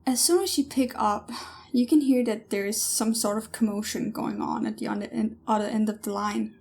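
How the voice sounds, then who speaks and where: A woman narrating a tabletop horror game as game master in a measured, second-person way. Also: a little high, steady tone, vocal fry, darkish tone.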